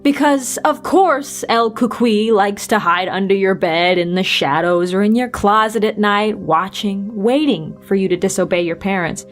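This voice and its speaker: A woman's voice: medium pitch, moderate pace, few pauses, soft background music. A woman host narrating folklore with dry, sarcastic asides in a casual storytelling style.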